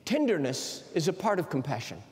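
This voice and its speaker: A university president preaches a sermon in a large auditorium, his voice on the high side, very animated, a little fast, and a little mellow. He tells stories emphatically, and long hall reverb fills the recording.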